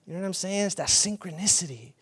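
High-voiced man preaching a sermon. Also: quick pace, husky, no echo. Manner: animated storytelling, rising to loud excited retelling. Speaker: pastor.

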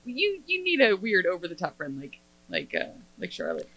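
A woman's voice: on the low side, moderate pace, poor audio. Sarcastic woman podcast co-host. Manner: sarcastic, expressive. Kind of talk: casual chat.

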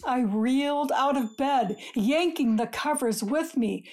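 High-voiced woman reading a story slowly. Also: a little mellow. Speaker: story reader. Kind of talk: reading a first-person short story aloud.

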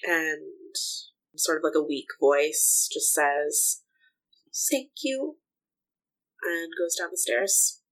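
A woman's voice: low voice, fairly even intonation, takes it slowly, fairly bright tone, poor audio. A woman player describing her character's actions in a tabletop game, hesitant, with many fillers.

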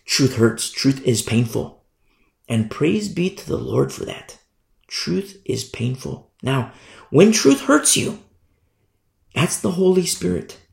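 Emphatic preacher, gravelly and echoey. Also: male voice, on the high side, darkish tone. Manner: emphatic preaching, repeats key words, asks "you see?". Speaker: pastor. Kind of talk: sermon. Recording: roomy echo.

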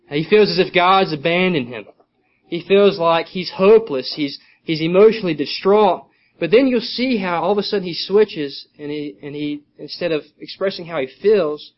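Earnest man teaching scripture, dull sound. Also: fairly high pitch. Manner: earnest, repeats key points for note-taking. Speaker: preacher. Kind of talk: sermon, verse-by-verse Bible teaching.

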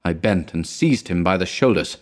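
A man narrates a story in a measured, grave way, with a somewhat low voice. He keeps a slow, deliberate storytelling tone. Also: expressive. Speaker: reader.

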